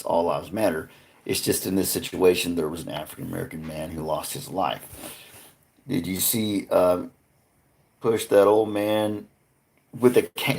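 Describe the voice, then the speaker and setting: Gravelly, low-pitched, and a little mellow, this streamer talks to his chat in an earnest, rambling way. He halts often, restarts his sentences frequently, and calls out viewers by name.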